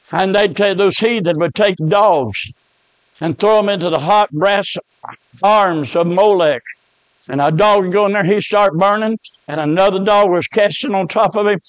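A man preaching a fiery revival sermon, emphatic and rising to shouts on key words. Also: high voice, no room sound.

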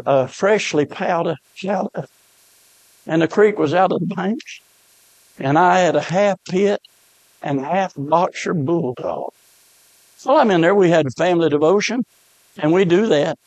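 Preacher guy, high voice, folksy sermon story, loud amens, dry close sound. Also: no room sound. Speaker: pastor.

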